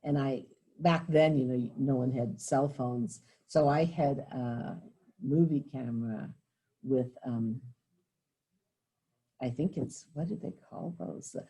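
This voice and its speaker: An older woman teacher with a bass voice, mellow with a breathy edge, takes it slowly as she lectures. She tells a rambling story full of self-corrections and chuckling asides, then reads poetry aloud to her class.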